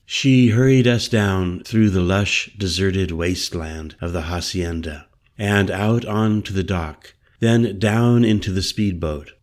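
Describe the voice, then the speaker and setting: A male narrator reading an audiobook story in a measured, deliberate way. His voice is low, and he takes his time with every line.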